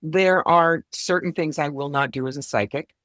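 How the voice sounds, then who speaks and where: A woman's voice: low voice, normal speed, fairly bright tone, no room sound, clean studio sound. A woman being interviewed as a psychic guest, speaking bluntly with wry, self-deprecating humor. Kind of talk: conversational interview.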